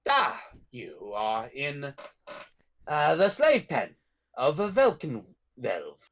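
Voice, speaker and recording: A man's voice: fairly high pitch, huge pitch swings, slow, fairly bright tone, heavily acted. A man voicing a tall male elf captive with a put-on British accent, polite and old-fashioned in his phrasing. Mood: genteel.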